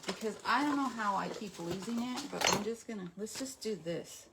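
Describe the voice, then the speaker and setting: A woman's voice: medium pitch, moderate pace, gravelly, very noisy. A woman hosting a live craft demonstration, chatting casually with viewers and greeting them by name, with a slightly stuffy nose. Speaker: craft livestream host.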